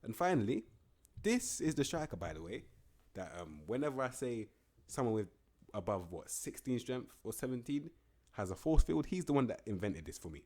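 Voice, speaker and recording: A man's voice: mid-range voice, normal speed. A young man giving casual, slangy, rambling commentary on a video game. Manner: slangy, rambling, animated banter. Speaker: gaming YouTuber.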